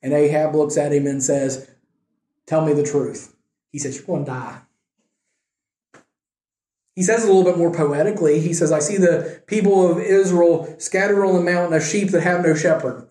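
A man teaching a Bible passage in a relaxed, conversational way, retelling scripture in everyday speech and often checking in with "right?". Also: on the high side, a little fast. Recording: echoey room.

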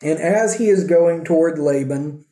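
A man with a high, mellow voice teaches from the Bible in a relaxed way, retelling the story with dry humor and quoted voices. The room around him rings with a noticeable echo. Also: measured pace.

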